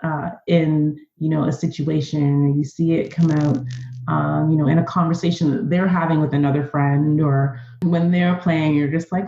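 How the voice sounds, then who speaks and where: A woman guest talks earnestly and with animation, her voice sitting on the low side. The recording is muffled and bounces around a live, echoey room. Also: steady tone, normal speed, mellow. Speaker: podcast guest. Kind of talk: casual conversational interview.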